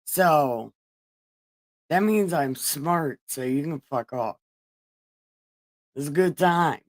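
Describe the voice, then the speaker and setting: Slow-talking crude streamer woman. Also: low voice, animated. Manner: crude, swearing, laughing asides, chatting to viewers. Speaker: livestream host. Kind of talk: casual livestream Bible reading.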